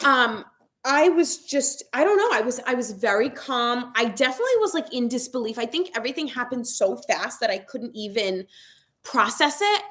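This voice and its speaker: A young woman talks casually to her viewers, telling a story and acting out what everyone said. Her voice sits a little high. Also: sing-song, moderate pace, fairly bright tone. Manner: chatty storytelling, acts out quotes. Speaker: vlogger. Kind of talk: casual livestream chat.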